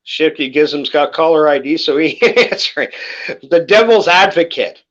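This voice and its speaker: A man's voice: on the high side, expressive, moderate pace, a bit bright. A middle-aged man hosting a casual late-night chat stream, rambling, swearing freely and laughing through his stories. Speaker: host. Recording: lo-fi dull microphone.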